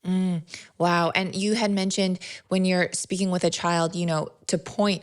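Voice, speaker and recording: A woman's voice: on the low side, fairly even intonation, measured pace. A woman hosting a podcast, asking the guest curious follow-up questions. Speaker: podcast host. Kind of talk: interview questions.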